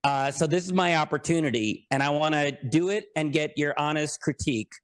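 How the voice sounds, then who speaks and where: A man's voice: fairly high pitch, fairly quick, clear, resonant tone. A man talking as a podcast guest in casual interview chat, joking, self-deprecating and rambling.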